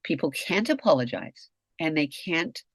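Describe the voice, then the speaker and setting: This middle-aged podcast co-host and communication expert speaks in a low, unhurried voice with big pitch swings. The dry recording captures her candid, casual talk-show conversation about relationships, which is blunt and freely profane.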